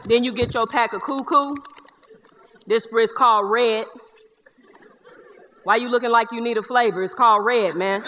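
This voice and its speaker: A woman's voice: a little high, normal speed, pauses often, a little hiss or hum, lightly acted. A woman in a one-person stage show playing a boisterous young Black man with a Southern accent, who talks in streetwise slang and tells stories with jokes. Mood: playful. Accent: Southern US (North Carolina). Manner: streetwise slang, joking, lively storyteller. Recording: live theater hall reverb.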